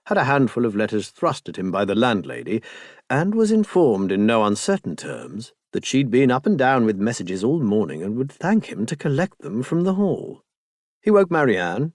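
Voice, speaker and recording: A male narrator reads a novel aloud in a measured, expressive way. His pitch moves a great deal from phrase to phrase. The recording is dry and close, with no room sound. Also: dry recording. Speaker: audiobook narrator. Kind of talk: scripted narration.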